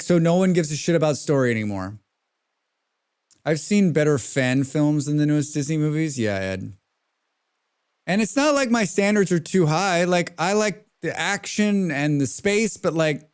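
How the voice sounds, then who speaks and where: A man streaming a colony game live, chatting casually and ranting to his viewers while he plays. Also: on the high side. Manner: chatty, ranting, reads out chat names.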